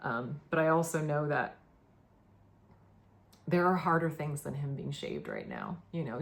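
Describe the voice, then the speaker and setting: Low-voiced tired woman, emotional vlog. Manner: emotional, halting, many fillers and restarts. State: tired from lack of sleep. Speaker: pet owner vlogger. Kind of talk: casual to-camera update.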